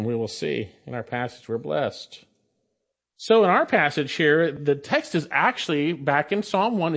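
A man preaching a sermon, reading scripture aloud and explaining it with emphatic repetition. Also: fairly high pitch. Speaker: pastor.

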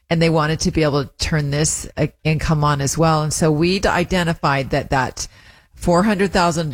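A woman's voice: low-pitched, low-quality recording. A woman co-hosting a talk show, casually explaining a client example. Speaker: financial adviser co-host. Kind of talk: casual chat.

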